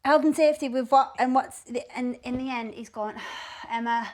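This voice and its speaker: A woman telling a story in casual chat as a guest, animated, swearing freely and acting out the people she quotes. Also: high voice, moderate pace. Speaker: guest, business founder.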